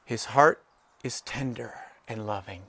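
A man preaching a sermon, animated, acting out the characters in quoted voices as he tells the story. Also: medium pitch, a little slow, a little hiss or hum. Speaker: pastor.

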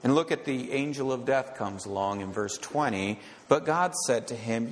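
A man's voice: mid-range voice, normal speed, few pauses. A male pastor giving an emphatic sermon, often asking rhetorical questions and checking in with "okay?". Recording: long reverb of a large hall.

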